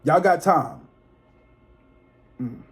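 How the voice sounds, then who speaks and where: A man in his thirties talks straight to his viewers in a casual vlog, his voice sitting a little high for a man. He chats easily and calls his audience y'all. When something bothers him, he slides into emphatic, swear-filled rants. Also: extremely slow, breathy edge. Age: 30s. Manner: animated, emphatic ranting with frequent profanity; chatty, addresses viewers directly as y'all. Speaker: psychic tarot reader and channel host.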